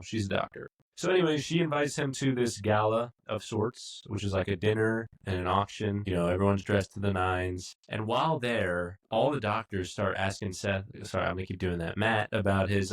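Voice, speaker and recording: Low-voiced man rambling through a TV review. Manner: rambling, full of fillers. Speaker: podcast co-host. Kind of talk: casual review chat.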